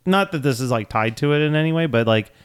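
A man's voice: on the high side, expressive, fast talker, clean tone. Chatty young man gushing about films. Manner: enthusiastic, chatty, teasing. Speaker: podcast co-host. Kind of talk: casual chat.

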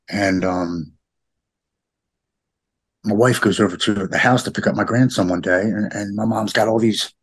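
A middle-aged man talking earnestly in a podcast conversation, halting and repeating his words. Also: lowish voice, slightly rough.

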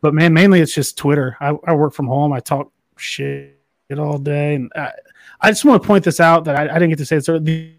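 A man's voice: fairly high pitch, fairly quick. A man who is a guest on a sports podcast, ranting in a profane, casual way over a call.

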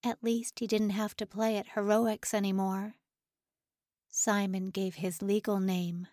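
A woman narrates a story in an even, unhurried voice, taking her time over every sentence. The sound is dry and close, with no room around it. She keeps a steady storyteller's delivery throughout. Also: mid-range voice, no room sound. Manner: measured, unhurried reading. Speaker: audiobook narrator. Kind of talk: scripted narration.

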